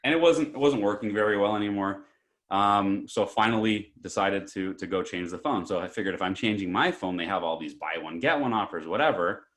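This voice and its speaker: A man co-hosting a podcast and telling stories in an animated, casual way. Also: fairly low pitch, brisk. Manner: animated, breaks into shouts and laughter while telling stories. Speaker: podcast co-host. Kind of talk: casual storytelling chat.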